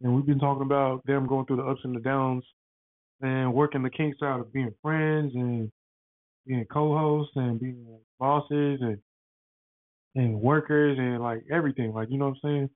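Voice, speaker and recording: An excitable man hosts a casual podcast and rambles along in loose slang, with plenty of fillers. His voice sits at an ordinary pitch. The sound is thin and tinny like a phone line, and completely dry. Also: moderate pace, no room sound. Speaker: podcast host.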